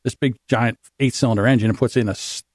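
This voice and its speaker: A middle-aged podcast co-host tells rambling, profane stories in casual chat, animated and swearing freely. He talks fast at a medium pitch, recorded dry at studio quality.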